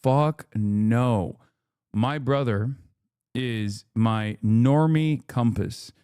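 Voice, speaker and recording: A man in his thirties from the United States rants on a live stream. He swears a lot and hammers his points with repetition. His voice is mid-pitched and sounds dry and close. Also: darkish tone, clear, resonant tone, no room sound. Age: 30s. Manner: emphatic, profane, repeats himself for stress. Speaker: streamer and political commentator. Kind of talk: casual ranting commentary.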